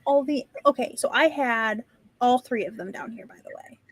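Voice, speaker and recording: A woman hosting a casual writing-sprint stream, chatty and quick to laugh and apologize. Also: on the high side, slightly rough, no echo. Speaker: stream host.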